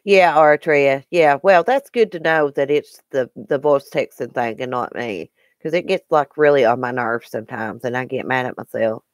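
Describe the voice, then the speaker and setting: A woman's voice: extremely low pitch, normal speed, dry recording, studio quality. A woman with a Southern American accent hosting a casual live stream, chatting and answering viewer comments by name.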